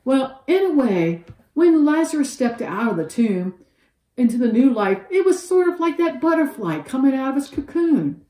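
A woman leads a children's Bible lesson in a mellow, warm voice, acting out each character as she tells the story. The room gives her voice a noticeable echo. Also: high-pitched, normal speed. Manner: animated storyteller with expressive quoted voices.

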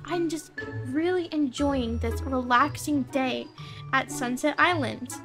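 A woman talks viewers through a game role-play, chatty and soft. Her voice sits high, with gentle music faintly behind her. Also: slow. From Australia.

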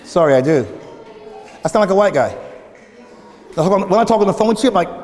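A Canadian man preaching a sermon in a church, animated and jokey, laughing often and breaking into shouts. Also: sits high, a little fast, pauses often. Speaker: pastor. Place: church hall. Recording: long hall reverb.

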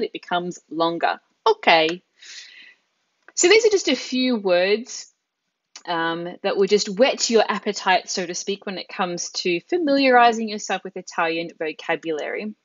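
A woman running a live online Italian lesson, drawing out each example word slowly and clearly. Her voice is close and dry, with a slightly dull, muffled sound. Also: medium pitch, no room sound. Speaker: Italian language teacher.

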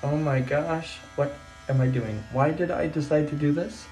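A man's voice: on the high side, normal speed, a little mellow, a little hiss or hum. Nervous rambling man in a bathtub. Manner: nervous, rambling, exclaiming to himself. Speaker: teacher. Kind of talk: casual phone vlog. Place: small bathroom, sitting in a bathtub. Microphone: phone propped nearby.

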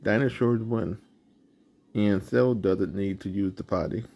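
A man's voice: lowish voice, unhurried, vocal fry, warm tone. A man hosting his channel, reading a picture book aloud with roaring sound effects. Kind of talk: storybook read-aloud.

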